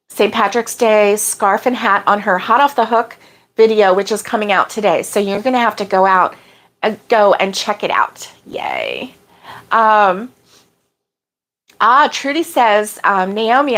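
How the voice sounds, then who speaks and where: Woman, crochet stream host, chatty, reads comments aloud with drawn-out exclamations. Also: medium pitch, a bit bright. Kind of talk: casual chat reading viewer comments.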